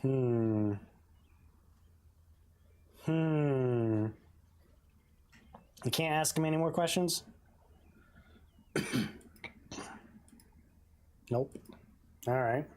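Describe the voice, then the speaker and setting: A low-pitched woman streamer chatting over her gameplay at an unhurried pace. She makes casual, self-deprecating asides and laughs easily at her own slips. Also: a little mellow. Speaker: game streamer. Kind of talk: casual let's-play commentary.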